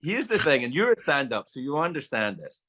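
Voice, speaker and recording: A man's voice: mid-range voice, a little fast. A man in his sixties, a guest telling stories in a casual podcast chat and acting out the voices of people in them. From Scotland. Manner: animated storyteller, acts out voices.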